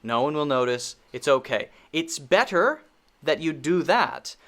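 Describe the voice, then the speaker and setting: A man with an American accent teaching a pronunciation lesson, patiently repeating model words with clear emphasis. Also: a little high, expressive, unhurried, fairly bright tone.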